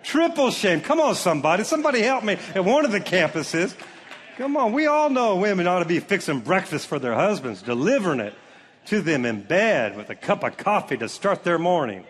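A man preaching to a congregation with a fairly high voice. He reads scripture slowly and jokes with the crowd in an animated delivery. The sound carries a long reverb from a big hall. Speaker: pastor. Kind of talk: sermon. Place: large church auditorium.

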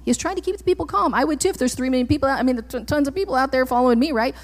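A woman preaching a sermon in a church, emphatic and repeating her commands, sometimes rising to shouts. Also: sits high, rapid-fire, hardly any pauses. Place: church sanctuary. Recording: long reverb in a church hall.

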